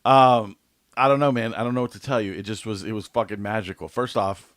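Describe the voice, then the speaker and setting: A man's voice: lowish voice, steady tone, fairly quick, a bit bright, dry recording, clean studio sound. A young man telling a long, rambling story in casual podcast chat, swearing freely and filling gaps with "like" and "dude". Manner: rambling, profane storytelling with loose fillers. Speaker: podcast co-host.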